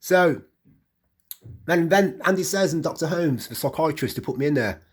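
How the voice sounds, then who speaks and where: A man's voice: on the high side, expressive, moderate pace, breathy edge. A middle-aged man with a West Midlands accent who tells a personal account in a rambling, repetitive way, full of stammered restarts. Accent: West Midlands English. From England. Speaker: vlogger.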